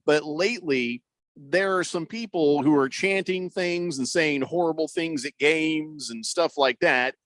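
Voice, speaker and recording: Sports radio host, male, slightly high voice, dry studio sound, rambling joker. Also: unhurried, a bit bright, no echo. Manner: rambling and joking, many fillers. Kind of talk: casual sports talk radio.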